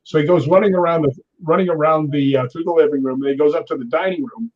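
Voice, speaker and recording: Speaking fast in a slightly high voice, a stuntman in his sixties tells stories animatedly as an interview guest, acting out quotes and laughing often. The audio of this storytelling interview sounds dull.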